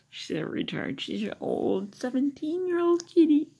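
A woman vlogger chats loosely to her phone camera, rambling with many fillers and asides. She speaks slowly in a high, dark, creaky voice with big pitch swings.

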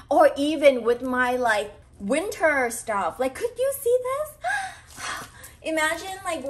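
A woman vlogger gushing over a purse she is unboxing, talking excitedly with lots of fillers and breathless exclamations. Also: fairly high pitch. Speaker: fashion vlogger.

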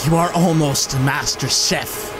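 Man doing a gruff celebrity chef impression, deep, stern, commanding, slightly distant from the mic. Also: measured pace, over music, close to an everyday voice.

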